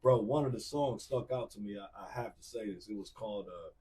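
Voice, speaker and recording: A man's voice: on the low side, brisk, distant mic. A man in his forties, an R&B singer telling stories in casual talk, acting out the people in them. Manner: animated, acts out voices of people in his stories. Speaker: R&B singer, podcast guest. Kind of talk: casual storytelling.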